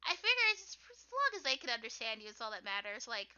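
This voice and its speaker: A woman's voice: a little high, big pitch swings, quick pace, pushed and bright, smooth. A young American woman chatting casually while drawing on a stream, rambling and giggling with lots of fillers. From United States. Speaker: artist streamer. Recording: dull lo-fi stream audio.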